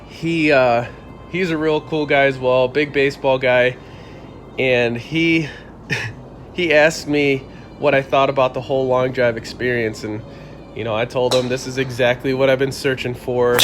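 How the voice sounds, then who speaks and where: A young man telling an animated story. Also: medium pitch, a little hiss or hum. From Buffalo, New York area. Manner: animated, laughs often, acts out quoted lines with a raised voice. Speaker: channel host telling a story. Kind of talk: casual storytelling to camera.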